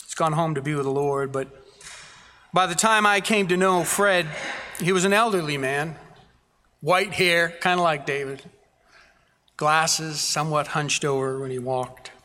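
A pastor delivering a sermon in a slightly high, bright and forceful voice. He preaches earnestly, stacking repeated phrases for emphasis. The sound rings with the long reverb of a church sanctuary. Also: measured pace, long pauses, slight background noise.

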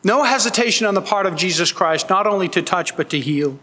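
A man's voice: high voice, animated, a little fast, sharp tone, slightly rough. A man preaching a sermon as pastor, earnest and emphatic, pleading with his listeners. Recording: long hall reverb.

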